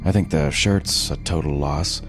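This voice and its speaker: A man's voice: extremely low pitch, measured pace. A man voicing a kind male coworker in a story reading, talking in a soothing, reassuring way, with music behind. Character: kindly male coworker, calm and steady. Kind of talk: audiobook character voice.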